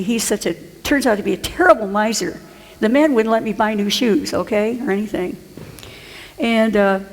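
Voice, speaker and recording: A woman's voice: medium pitch, darkish tone. Chatty older woman in a reverberant hall. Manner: chatty, rambling, laughs often and restarts lines. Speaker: author and conference speaker. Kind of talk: storytelling talk to a live audience. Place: conference hall.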